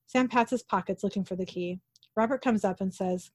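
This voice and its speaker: A woman's voice: mid-range voice, darkish tone, dry recording. A woman casually narrating a recap of a TV episode, reading every character's lines aloud in her own voice and correcting herself now and then. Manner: quick narration, self-corrections.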